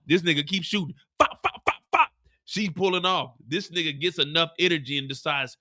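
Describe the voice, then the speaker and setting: A man's voice: sits high, animated, moderate pace, pushed and bright, dry recording, clean studio sound. A man hosting a live show recap, telling the story with lots of energy and breaking into voices and sound effects.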